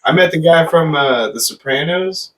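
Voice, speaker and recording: A man's voice: a little high, animated, normal speed, a bit bright. A man hosting a comedy podcast, chatting casually and throwing in dry quips. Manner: dry wisecracks and short jokes. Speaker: podcast host. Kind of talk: casual chat. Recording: slightly distant mic with faint noise.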